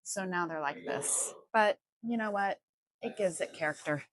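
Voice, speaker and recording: A woman's voice: lowish voice, normal speed, dry recording. A middle-aged woman florist gives a friendly, chatty hands-on tutorial, explaining each step as she works. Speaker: florist demonstrating a flower arrangement. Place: indoors at home, music playing in another room.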